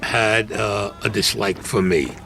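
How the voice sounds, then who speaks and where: Slight background noise accompanies a low, unhurried, creaky voice with a fairly bright tone. The speaker, a Brooklyn-accented man in his seventies from Brooklyn, New York, storytells about his life in a recorded interview, profane and blunt, acting out other people's lines.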